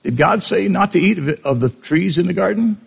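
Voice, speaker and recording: A man's voice: high voice, expressive, brisk, vocal fry, slightly rough, pitched above the performer's own voice, full character voice. A man voicing a sly male serpent who coaxes a woman with questions, in a sermon. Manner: coaxing, questioning.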